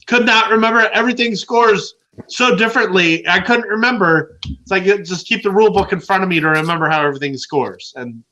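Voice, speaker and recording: A man's voice: sits high, fairly quick, bright, forceful tone. A man co-hosting a casual board game livestream, teasing and bluntly dismissive in a joking way. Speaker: board game show co-host.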